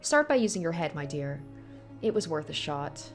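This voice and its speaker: A woman's voice: low-pitched, big pitch swings, moderate pace, soft background music. A woman reading as a cool, mocking witch. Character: mysterious calm female witch who grants curses. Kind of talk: reading a visual novel aloud.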